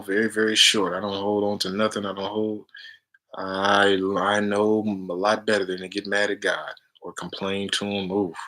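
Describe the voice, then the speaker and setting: A man's voice: fairly low pitch, sharp tone. A man giving a casual, preachy spiritual talk to viewers, full of slang and frequent laughter. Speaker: spiritual chant leader.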